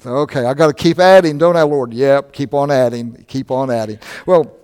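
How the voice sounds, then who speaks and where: An older man preaching a sermon, telling stories in a conversational, animated way. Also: mid-range voice, moderate pace, clear, resonant tone, in a large hall. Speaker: pastor.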